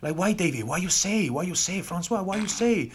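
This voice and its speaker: An indignant Argentinian prop, put on by a man, scolds in broken English and keeps repeating himself. The voice sits well above the man's own pitch and has an Argentinian accent. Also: animated, brisk, slight background noise.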